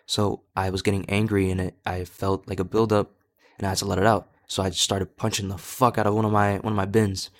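Young male podcast host, low voice, candid rambling storyteller, swears freely. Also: little pitch movement, brisk. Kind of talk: personal storytelling monologue.

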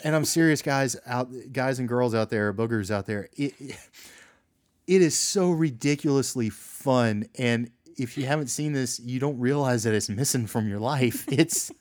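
A man's voice: mid-range voice, normal speed, darkish tone, dry recording, clean studio sound. A man co-hosting a casual movie podcast, chatty and enthusiastic, laughing often. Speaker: podcast co-host.

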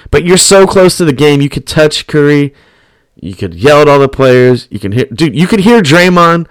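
A man's voice: a little high, animated, normal speed, dry recording, clean studio sound. Profane slangy young man telling a story. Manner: profane, slangy, laughs often. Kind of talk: casual storytelling.

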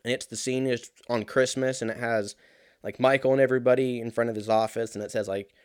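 A man's voice: mid-range voice, quick pace, clean tone, dry recording, clean studio sound. Profane rambling man in his thirties. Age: 30s. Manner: rambling, profane, animated anecdote with frequent fillers. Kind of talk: casual storytelling monologue.

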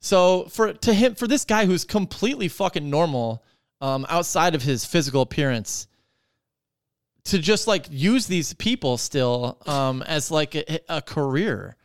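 A man's voice: a little high, unhurried, no echo, studio quality. A man hosting a podcast, ranting in casual chat with lots of swearing and filler words. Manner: profane, rambling, animated ranting with many fillers. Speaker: podcast host.

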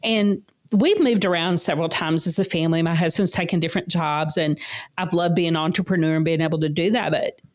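A woman's voice: lowish voice, steady tone, a little fast. A woman in her fifties with a Southern American accent, hosting a casual podcast chat in a chatty, emphatic way and using folksy sayings. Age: 50s. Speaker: podcast host.

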